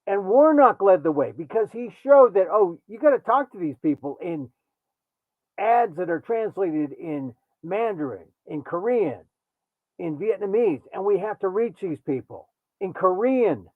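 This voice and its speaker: A man hosting a talk show, delivering an animated, wry, digressive political commentary monologue. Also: high-pitched, a little slow, dry recording. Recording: tinny phone-like sound, dry.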